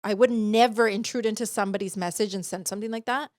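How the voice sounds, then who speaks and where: A young woman co-hosting a podcast, telling a story in animated, profane casual chat and acting out the voices she quotes. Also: mid-range voice, fast talker, no echo, studio quality. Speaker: podcast co-host. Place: podcast studio.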